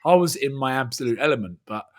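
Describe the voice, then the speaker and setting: Animated man telling rugby stories. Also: mid-range voice, fast. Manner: animated storytelling, laughs often. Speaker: podcast co-host and rugby commentator. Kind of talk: casual podcast chat.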